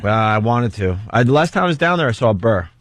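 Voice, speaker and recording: A man's voice: mid-range voice, very animated, brisk. A man hosting a comedy talk radio show from a studio, teasing and goading his co-hosts. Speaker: radio host.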